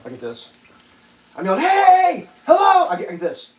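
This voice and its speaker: A man hosting a livestream, telling a rambling, profane story while he cooks and loudly acts out the quotes. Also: a little high, lively intonation, fast talker, slightly rough, rough recording. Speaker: livestream host. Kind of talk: casual storytelling while cooking.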